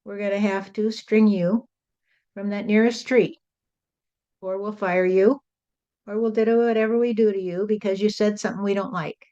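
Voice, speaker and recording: Woman channeling Jesus as a plain-talking, folksy male spirit: mellow voice, muffled lo-fi sound. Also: medium pitch, close to an everyday voice. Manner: folksy, rambling, repeats "you see". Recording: dull lo-fi recording.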